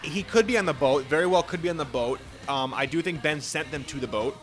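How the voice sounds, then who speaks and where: A young man co-hosting a casual chat about a TV show, excitable and profane, often jumping into quoted voices. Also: a little high, quick pace, faint music behind. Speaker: podcast co-host.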